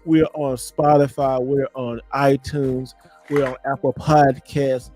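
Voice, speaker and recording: A man's voice: mid-range voice, slow pace, soft background music. A man hosting a casual podcast chat, telling stories animatedly and acting out quotes. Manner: animated storyteller, acts out quotes. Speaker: podcast host.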